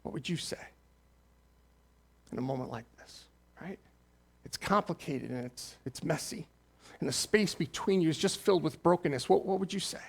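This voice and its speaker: A man in his forties, a pastor, telling a personal story in a sermon, his voice dropping low and intimate, then swelling when stirred. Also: normal speed, vocal fry, long pauses. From Ohio.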